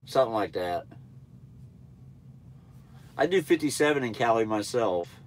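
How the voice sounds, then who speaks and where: A man with a congested, nasal voice talks through a live stream in an easygoing, rambling way. His pitch sits in an ordinary middle range, and he answers viewers bluntly and plainly. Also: animated, measured pace, a little hiss or hum. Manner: laid-back, rambling, blunt. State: stuffy nose. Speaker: truck driver trainer livestreaming.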